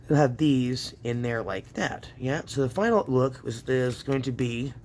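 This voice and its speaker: A man's voice: medium pitch, lively intonation, a little slow, darkish tone, slight background noise. A man hosting a casual crafting tutorial at home, chatting to viewers and laughing often as he works. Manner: chatty, laughs often, talks to himself while working. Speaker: craft channel host.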